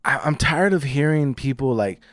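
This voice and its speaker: A male podcast co-host in casual chat who talks emphatically, swears, and pushes listeners to get out and support people. His pitch is middle and his delivery is lively and varied. The recording is dry and close. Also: moderate pace, no room sound. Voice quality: emphatic, swearing, gives encouraging shout-outs.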